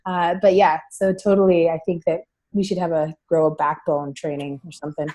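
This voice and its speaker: A woman co-hosting a casual talk show, speaking in a relaxed, hesitant way with fillers like "uh" and "you know". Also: sits low, a little fast. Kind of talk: casual chat.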